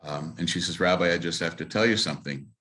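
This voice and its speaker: Low-voiced rabbi telling stories. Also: male voice, fast talker. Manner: animated storyteller who acts out quoted dialogue, with frequent fillers. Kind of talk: storytelling talk to a congregation.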